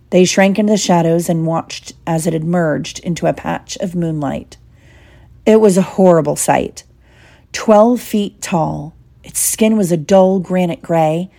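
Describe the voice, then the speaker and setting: A woman reading an audiobook in a steady, measured storytelling voice. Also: fairly low pitch, creaky. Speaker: audiobook reader. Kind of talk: audiobook narration.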